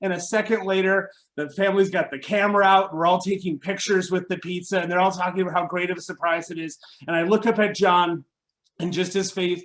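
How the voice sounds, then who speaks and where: A man telling a personal story at a live storytelling event, wry and animated, acting out what others said. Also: sits high.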